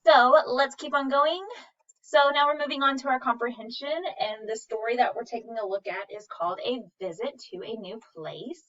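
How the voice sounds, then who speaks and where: A woman's voice: a little high, moderate pace, a bit bright. A woman teacher giving a recorded reading lesson, patiently sounding out words syllable by syllable. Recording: dull, slightly distant recording.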